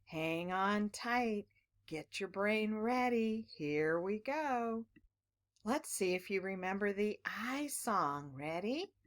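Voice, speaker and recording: A woman teacher leading a children's phonics lesson in a slow, encouraging, sing-song voice. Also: medium pitch, lively intonation.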